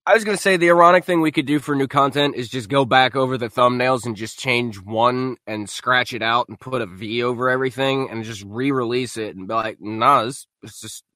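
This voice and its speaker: A man co-hosts a gaming podcast in a casual, joking, blunt way. His voice is bright and forward, recorded dry and close. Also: medium pitch, brisk, few pauses, dry recording. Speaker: podcast co-host. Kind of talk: casual chat.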